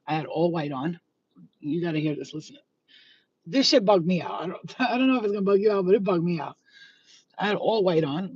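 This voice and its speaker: A woman's voice: deep voice, a little mellow, a little hiss or hum. A woman telling a story in a casual, chatty way with plenty of fillers and swearing, speaking from inside a car. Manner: chatty, profane, many fillers. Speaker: spiritual vlogger. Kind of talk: casual live-stream storytelling. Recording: distant, dull lo-fi phone audio.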